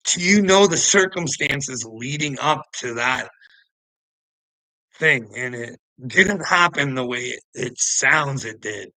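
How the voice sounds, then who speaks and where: Here the same kind of vlogger talks casually to his viewers, jumping from subject to subject, lecturing, needling, and laughing at his own remarks. He speaks slowly but animatedly, in a bright, forceful medium-pitched voice. The audio is dry and of poor quality.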